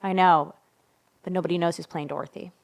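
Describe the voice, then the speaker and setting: A woman co-hosting a casual podcast chat, chatty and quick with asides. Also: lowish voice, gravelly. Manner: chatty, animated asides, laughs easily. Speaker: podcast co-host.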